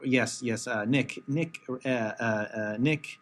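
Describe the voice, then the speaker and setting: A man co-hosting a podcast in casual chat, talking haltingly with many fillers and restarts. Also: mid-range voice, a bit bright. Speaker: podcast co-host.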